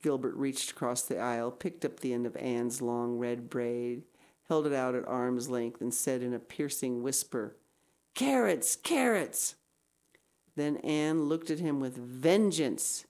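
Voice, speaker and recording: A woman's voice: very deep voice, fairly even intonation, unhurried, mellow. A woman reading a classic novel aloud, now and then breaking off into casual asides. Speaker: reader.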